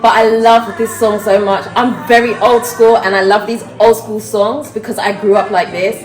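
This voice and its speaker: Woman vlogger, middle-aged, expressive, mid pitch, echoey kitchen. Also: moderate pace, soft background music. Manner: expressive, exclaiming, talks to camera. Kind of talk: casual vlog chat. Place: home kitchen. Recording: roomy kitchen echo.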